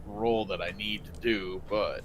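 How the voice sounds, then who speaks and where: A man's voice: fairly low pitch, steady tone, normal speed, slight background noise. A man playing a tabletop game, thinking aloud in a hesitant, casual way. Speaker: player.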